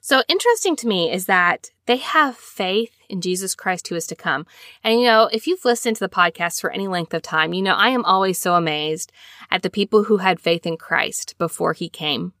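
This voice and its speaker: Woman, podcast host, fast-talking, chatty, bright voice, dry close sound. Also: fairly low pitch, animated, no echo. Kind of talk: casual scripture-study podcast talk.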